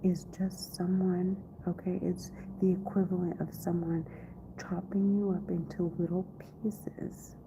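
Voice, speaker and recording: A woman vlogging from her office in a rambling monologue, often half-whispered and halting, with many restarts. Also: on the low side, flat delivery. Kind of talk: rambling live-stream monologue. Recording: tinny phone-like recording, faint noise.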